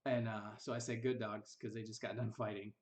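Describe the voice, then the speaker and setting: A man's voice: fairly low pitch, level tone, a little fast. A young man casually recounting his past, rambling and bitter, sometimes mimicking others in a mocking tone. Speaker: vlogger recounting family history. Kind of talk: casual personal storytelling.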